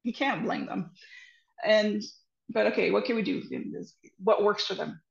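A woman with a gravelly, fry-tinged voice gives conversational parenting advice, earnest and reassuring as she walks through her points. The sound is roomy and a little dull, like a video call in an echoey room. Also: mid-range voice, moderate pace. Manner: earnest, reassuring, repeats "trust me". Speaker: parenting educator guest.

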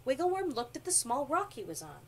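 A woman reading a children's storybook aloud, with expressive narration, recorded from a distance with faint noise. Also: high voice, fairly quick. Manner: expressive, animated.

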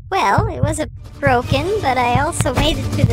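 Gravelly woman narrating her gameplay. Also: high-pitched, moderate pace, hardly any pauses, low-quality recording. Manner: chatty, frets aloud when chased, repeats words. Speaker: gaming channel host. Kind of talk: casual gameplay commentary. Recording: loud game music behind.

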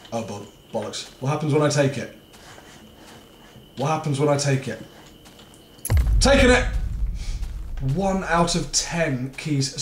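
A man's voice: mid-range voice, roomy sound, a little hiss or hum. A man talking through a horror game as he plays, muttering, swearing and getting jittery. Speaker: gaming video host.

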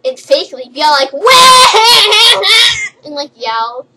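A woman's voice: high voice, steady tone, brisk, heavy background noise. A young woman vlogger rambling playfully and giggling through a silly list. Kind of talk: silly comedic list vlog.

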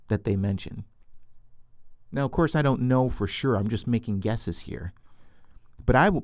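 A man's voice: fairly low pitch, gravelly, darkish tone, no room sound, clean studio sound. A man teaching from the Bible in a loose, unscripted way, often restarting and repeating words, and asking questions that he answers himself.

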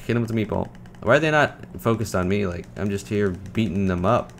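A young man giving casual, joking commentary over a video game, trash-talking and breaking into loud shouts. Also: lowish voice, lively intonation, a little fast, gravelly, a little hiss or hum. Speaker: gaming commentator.

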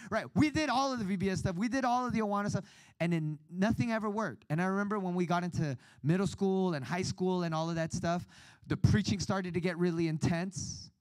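Animated man preaching over a call. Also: high-pitched, fairly quick, no room sound. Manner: animated storytelling, acts out quoted voices. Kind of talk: sermon over video call. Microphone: video call.

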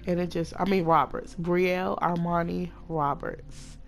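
A woman giving casual, chatty commentary as she plays a life-simulation game, talking excitedly to her viewers. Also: lowish voice, measured pace, gravelly. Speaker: let's play host.

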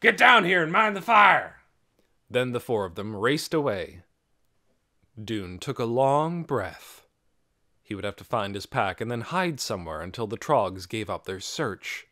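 A man reading an audiobook aloud with expressive storytelling. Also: on the low side, a little slow, dry recording, studio quality. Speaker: audiobook narrator. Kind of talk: scripted audiobook narration.

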